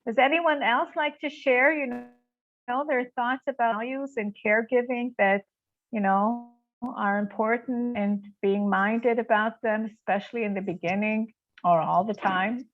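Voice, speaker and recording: A woman's voice: fairly high pitch, fairly even intonation, measured pace. A woman leading an online caregiver training session, talking earnestly and encouragingly with many fillers. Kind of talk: live online workshop talk. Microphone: video call. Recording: dull, muffled video-call audio.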